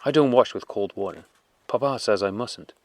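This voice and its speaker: A man voicing an affectionate, excitable little boy who talks in a high, eager childlike way. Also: normal speed, close to an everyday voice. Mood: chattering.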